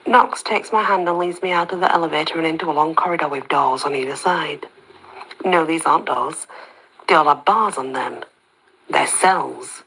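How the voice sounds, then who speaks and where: A woman narrating a story in the first person, soft-spoken and slipping into whispers. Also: low voice, normal speed, breathy edge, rough recording.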